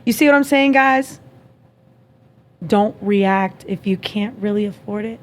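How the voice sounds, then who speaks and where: A woman's voice: mid-range voice, a little slow, slight background noise. A young woman hosting a podcast, casually chatting and telling a story, acting out both sides with frequent laughs. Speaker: podcast host. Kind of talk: casual chat.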